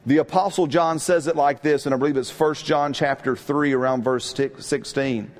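A middle-aged man preaching a sermon in a lively, conversational way, often asking his congregation questions. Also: a little high, normal speed. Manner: animated, call-and-response with congregation. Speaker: pastor.

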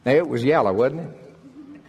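An older man from Oklahoma delivers a sermon in a folksy, joking manner and climbs to emphatic peaks. His voice is a little husky and sits at a middle pitch. It rings out with the long reverb of a large hall. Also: expressive, a little slow, darkish tone. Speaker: preacher.

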